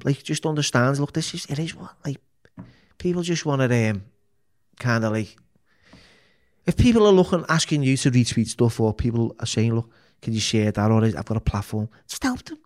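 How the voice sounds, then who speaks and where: A Liverpool man appears as a podcast guest, telling his life story with candor and emotion. His medium-pitched voice is animated and a little mellow at a moderate pace, and he swears heavily and restarts often.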